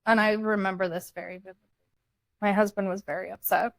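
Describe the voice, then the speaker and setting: Blunt young woman, mid-pitched. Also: fairly even intonation, fairly quick, vocal fry, no room sound. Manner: blunt, candid, storytelling. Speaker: podcast co-host. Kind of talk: casual chat.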